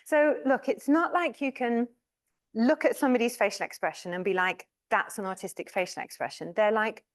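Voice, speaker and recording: Chatty, high-voiced woman giving a lecture. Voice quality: high-pitched voice. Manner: chatty and informal, with laughs and fillers. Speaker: professor giving an inaugural lecture. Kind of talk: university lecture.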